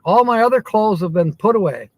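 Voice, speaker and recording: A man's voice: high voice, lively intonation, a little fast, dry recording, low-quality recording. A man hosting a live stream from his truck, chatting casually and chuckling often. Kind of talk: casual chat.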